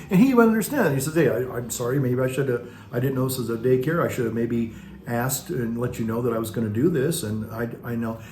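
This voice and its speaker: A man's voice: mid-range voice, a little mellow. Rambling male parish priest, roomy echo. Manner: rambling storytelling with many restarts. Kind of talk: casual reflective monologue. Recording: roomy echo with faint music.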